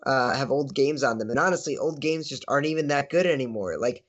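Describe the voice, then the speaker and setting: A man's voice: medium pitch, quick pace. A man co-hosting a podcast, speaking in an easygoing, slightly hesitant way. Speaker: podcast co-host. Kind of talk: casual chat. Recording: slightly muffled mic.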